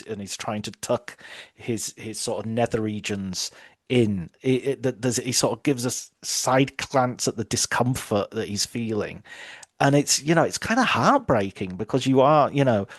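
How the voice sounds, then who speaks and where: Brief: English male podcast guest, mid pitch, dry close mic, lively, acts out quotes. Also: no room sound. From England. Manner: animated, acts out quoted lines in a high voice. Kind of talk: casual podcast film discussion.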